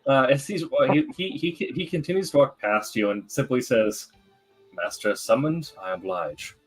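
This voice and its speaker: A man's voice: medium pitch, expressive, moderate pace, soft background music, poor audio. A man running a tabletop role-playing game as game master, narrating and explaining the rules.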